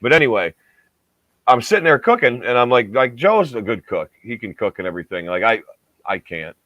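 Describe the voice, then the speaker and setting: A man's voice: mid-range voice, sing-song, brisk, dry recording. A man hosting a casual podcast, telling a long rambling story and swearing freely. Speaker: podcast host. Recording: dull lo-fi dry recording.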